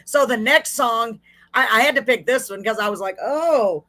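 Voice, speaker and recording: A gushing woman from Texas with a drawl hosts a live chat show, praising her guest warmly and dissolving into near tears. Her voice has a bright, forward edge. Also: on the high side, animated, normal speed. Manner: gushing, effusive and emotional. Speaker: host.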